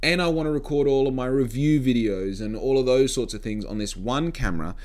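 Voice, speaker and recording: A man's voice: medium pitch, a little fast, a little mellow. A man casually vlogging to camera, blunt and sarcastic, swearing freely, recorded on a phone mic. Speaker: podcaster and vlogger. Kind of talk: casual talking-to-camera vlog. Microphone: phone microphone.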